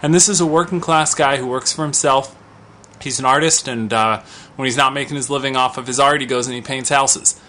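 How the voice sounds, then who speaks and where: A man's voice: mid-range voice, fairly even intonation, fairly quick, pushed and bright, a little hiss or hum. A man in his thirties speaking in an opinion vlog, vocal and outspoken, talking with conversational restarts. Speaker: vlogger.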